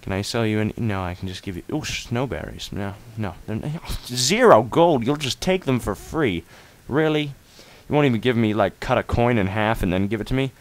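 A young man narrating his own gameplay, goofy and excitable, swearing and joking with his viewers. His voice sits a little low. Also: normal speed, few pauses. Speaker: let's play host. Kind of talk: gameplay commentary.

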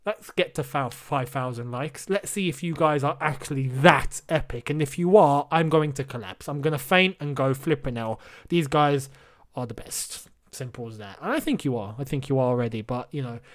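A man's voice: medium pitch, moderate pace, few pauses. A young man hosting his own football channel, talking casually and emphatically to viewers, repeating phrases for effect. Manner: animated, emphatic repetition, addresses viewers directly. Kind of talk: casual solo commentary.

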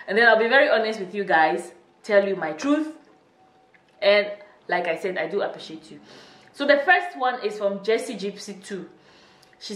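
A woman's voice: medium pitch, far from the mic. A young woman chatting casually on her YouTube channel, laughing often and teasing her viewers. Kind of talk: casual vlog chat. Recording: echoey room, voice off-mic.

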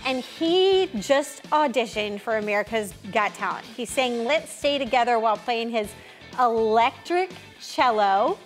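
Bubbly female co-host, fairly high voice, quick chatty delivery; soft music bed. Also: expressive. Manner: bubbly, laughs often, fast bursts. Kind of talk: casual chat.

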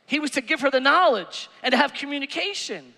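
A pastor preaching an animated, conversational sermon with playful asides. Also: male voice, very high-pitched, a little fast, creaky, big-room sound. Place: church sanctuary.

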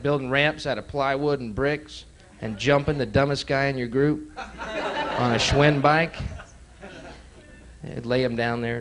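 A man's voice: mid-range voice, steady tone, measured pace, crowd noise. A young man from Texas in his twenties doing sardonic stand-up comedy, often laughing at his own jokes. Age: 20s. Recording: noisy 1980s live club tape.

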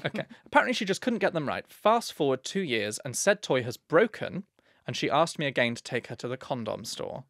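A man's voice: medium pitch, sing-song, brisk, a bit bright, dry recording, clean studio sound. A man co-hosting a podcast, chatting casually in a playful, teasing, mock-grand way. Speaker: podcast co-host.

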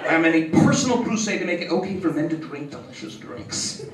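A man performs stand-up with a high, widely swinging voice, ranting in mock exasperation. He sounds distant in a roomy club. A crowd laughs around him. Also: fairly quick. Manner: animated, exasperated rants with mock outbursts. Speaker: stand-up comedian. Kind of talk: stand-up comedy set. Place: comedy club stage.

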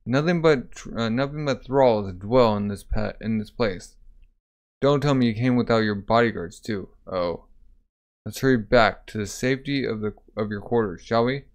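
A man's voice: on the low side, moderate pace, natural voice. A man reading a manga aloud, voicing a brash young woman posing as a maid, in a bold, bossy, breezy manner.

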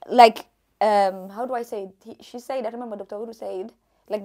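Young woman vlogging, chatty, laughs a lot, telling her story casual, mid pitch. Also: fairly quick. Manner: chatty and animated, laughs often, mixes in Arabic phrases.

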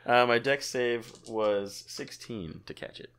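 A man's voice: mid-range voice, slow pace, a bit bright, clean tone. A man playing in a tabletop game, chatting casually and laughing often. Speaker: player.

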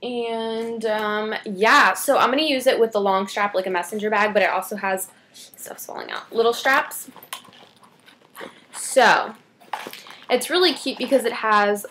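A woman's voice: fairly high pitch, a little slow, fairly bright tone, slight background noise. A teenage girl talks to camera in a casual beauty vlog. She rambles with chatty asides and backtracks. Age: teens. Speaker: beauty vlogger.

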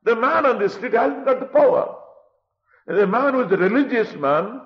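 A man's voice: extremely high pitch, lively intonation, moderate pace. A man preaching a sermon in an emphatic style, often pushing his voice up. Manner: emphatic, rising to a raised voice. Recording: dull lo-fi recording.

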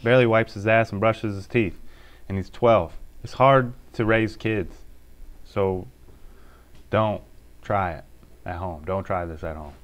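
A man in his thirties hosts a loose home vlog with his kids. He talks in a relaxed, joking way and swears casually. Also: lowish voice, unhurried, long pauses. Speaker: YouTube reviewer, father.

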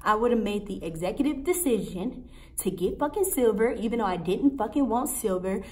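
A woman's voice: mid-range voice, fairly quick. Profane, exasperated young woman ranting. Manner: profane, animated, exasperated storytelling. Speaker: vlogger. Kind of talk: casual storytime rant.

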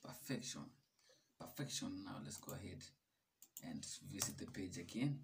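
A man hosting a casual coding tutorial, chatty and relaxed, laughing at his own mistakes. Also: sits low, normal speed, vocal fry, far from the mic, background noise.

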